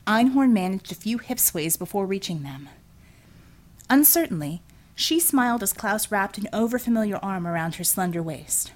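A woman narrating an audiobook in an expressive, animated storytelling manner. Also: mid-range voice, moderate pace.

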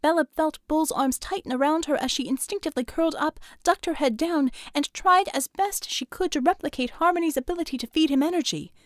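A woman reading an audiobook aloud in a brisk, engaged storytelling style. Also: high voice, dry recording, studio quality. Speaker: audiobook narrator. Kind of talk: scripted narration.

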